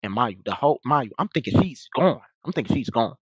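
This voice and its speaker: A man's voice: medium pitch, sing-song, quick pace, slightly rough, no room sound, studio quality. A young man streaming and casually telling a story to his chat, rambling with many restarts and asides.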